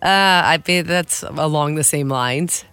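A woman's voice: low-pitched, slow, fairly bright tone, smooth, dry recording, soft background music. A woman co-hosting a morning radio show, playful as she reads out listener texts in casual studio banter. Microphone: studio microphone.

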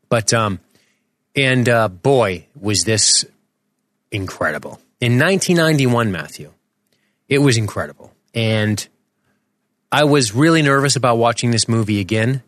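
An American man in his forties co-hosts a podcast, rambling, joking and swearing casually through a relaxed chat. His voice sits at medium pitch with lively intonation and a fairly bright tone, and he talks a little slowly with long pauses. It's recorded on a studio microphone with no room sound.

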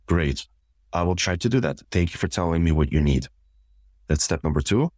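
Deep-voiced man, calm step-by-step explainer. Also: moderate pace, no echo. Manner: calm, methodical, walks through numbered steps and acts out example exchanges. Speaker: couples therapist. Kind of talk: explaining in a podcast interview.

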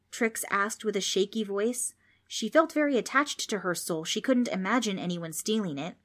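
A woman narrating a children's storybook in an expressive, playful way. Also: mid-range voice, moderate pace.

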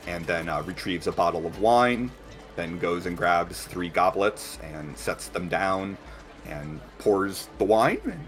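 A male game master narrates a tabletop scene in a halting way, often stopping on fillers. His voice is very low, and faint music plays underneath. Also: expressive, a bit bright.

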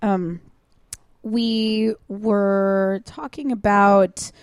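A woman's voice: medium pitch, fairly even intonation, drawn-out words, smooth, dry recording, clean studio sound. A woman hosting a podcast in casual, joking chat, laughing often and trailing off mid-thought. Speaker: podcast host.

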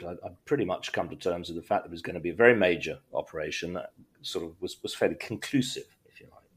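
Middle-aged male guest, low husky voice, chatty storyteller with dry humour who restarts his sentences often. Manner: rambling, self-interrupting, frequent restarts and wry humour. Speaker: podcast guest, writer. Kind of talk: casual conversational storytelling.

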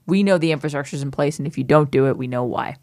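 A woman from Canada co-hosting a podcast, talking in an emphatic, animated way and laughing often. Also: sits low, racing, no echo, studio quality. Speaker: podcast co-host. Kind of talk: casual chat.

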